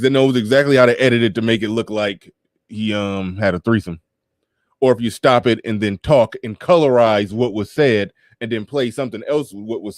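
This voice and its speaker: A man's voice: lowish voice, darkish tone, no echo, clean studio sound. A male show host in a loose, rambling commentary with stammered restarts. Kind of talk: casual livestream commentary.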